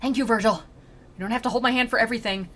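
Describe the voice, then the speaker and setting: A woman voicing an exasperated, sassy male poet who loudly protests being treated like a child. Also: on the high side, fairly even intonation, rapid-fire, a little hiss or hum, natural voice. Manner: loud, whiny, protesting.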